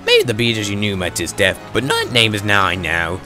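A man voices a scornful, power-hungry woman who rants about her claim to a witch's title. The voice stays low but swings widely in pitch. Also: huge pitch swings, fairly quick, pushed and bright, soft background music, exaggerated voice. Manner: scornful, ranting. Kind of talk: amateur fan voice acting.

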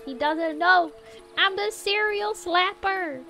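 A woman's voice: extremely high pitch, lively intonation, takes it slowly, long pauses, pushed and bright, soft background music. A young woman streaming a game, giggling and squealing as she role-plays as a puppy. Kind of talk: playful gaming stream.

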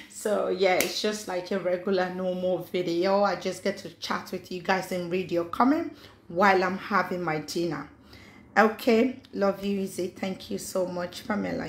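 A woman's voice: lowish voice, roomy sound, slight background noise. A woman chatting casually to viewers on a live stream, mixing in pidgin and giving blunt advice. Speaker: vlogger.

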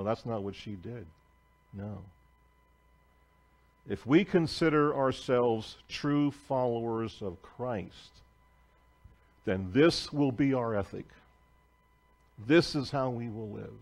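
A man preaching a sermon as pastor, telling a story emphatically and swinging between loud declarations and hushed asides. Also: mid-range voice, slow, long pauses. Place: church sanctuary.

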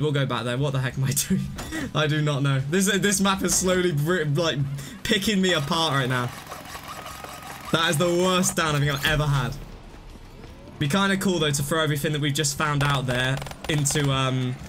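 A young man streaming live gameplay commentary, rambling and mocking his own mistakes, now and then bursting out excitedly. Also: a little high, normal speed, noisy background.

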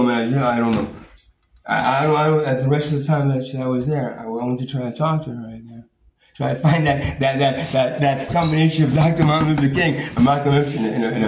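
A man with a fairly high voice rants in a rambling, profane way. He stumbles over repeated words and laughs bitterly. The room echoes around him, with a faint hiss underneath. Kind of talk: angry personal rant. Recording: roomy echo, faint background noise.

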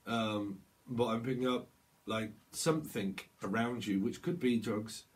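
A man's voice: on the low side, fairly even intonation, a little slow. A man giving a loose, rambling tarot reading, laughing often and acting out little quoted voices. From United Kingdom. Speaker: tarot reader. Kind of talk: channeled tarot reading to camera.

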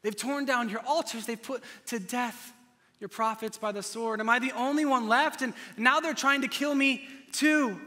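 Pastor doing a desperate prophet yelling up at god, strained and pleading, bright and high, big church echo. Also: male voice, normal speed. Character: desperate anguished male prophet crying to God. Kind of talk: dramatized sermon quote. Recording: long church reverb.

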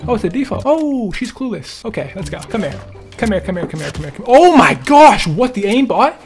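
A young man streams gameplay, reacting excitably, yelling and laughing at the game. His pitch swings widely. Faint music plays underneath. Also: fast talker. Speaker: gaming streamer. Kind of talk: live gameplay commentary.

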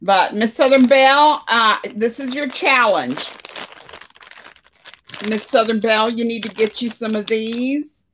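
This woman's voice is fairly high and a bit bright, moving at a measured pace, with a little hiss or hum in the background. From her living room, she runs a casual crochet livestream, talking with her audience, reading out comments, and laughing frequently.

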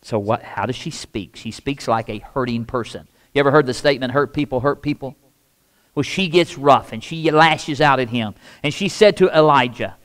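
A man in his sixties with a Midwestern American accent, preaching a sermon as lead pastor, swinging between hushed asides and loud emphatic repetition. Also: medium pitch, normal speed.

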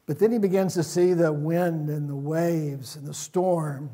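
A man preaching a sermon in a church, retelling stories in a relaxed, conversational way. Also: a little high, measured pace.

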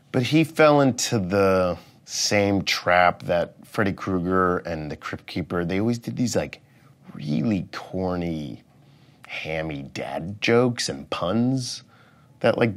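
Male comic, low voice, loud profane rant with sudden muttered asides. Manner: profane, swings from loud outbursts to mumbled asides. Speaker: comedian rating things as overrated or underrated. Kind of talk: comedic rant to camera.

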